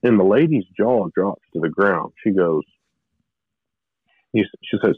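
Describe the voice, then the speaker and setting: A man telling his own story as an interview guest, rambling and halting in an earnest, confessional way. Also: sits low, expressive, no echo. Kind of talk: personal testimony in conversation. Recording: narrow phone-like line, dry.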